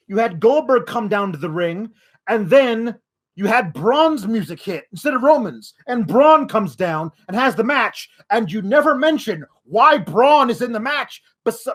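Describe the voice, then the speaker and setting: A man's voice: very high voice, expressive, normal speed. A man hosting a wrestling podcast, ranting in exasperation with frequent swearing. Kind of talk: podcast rant.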